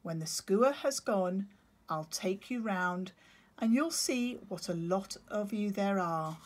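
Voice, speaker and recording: A woman's voice: mid-range voice, animated, takes it slowly. A woman reading a story aloud, voicing a fussy, protective father penguin who scolds and explains.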